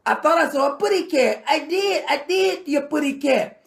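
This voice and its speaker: A man's voice: extremely high pitch, lively intonation, normal speed, gravelly, a bit bright, pitched above the performer's own voice, exaggerated voice. A man voicing a smug little cartoon bird with a lisping, sing-song delivery. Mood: mocking.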